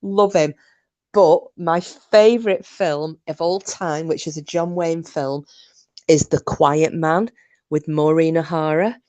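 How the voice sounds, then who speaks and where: A woman hosting a live stream, chatting casually and warmly to viewers, rambling with restarts and fillers. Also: low-pitched, fairly even intonation, takes it slowly, highs cut off. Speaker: livestream host.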